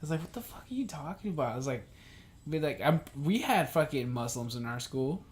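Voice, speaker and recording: A man's voice: a little high, big pitch swings, brisk. A young man co-hosting a casual podcast chat, ranting heatedly and swearing a lot. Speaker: podcast co-host.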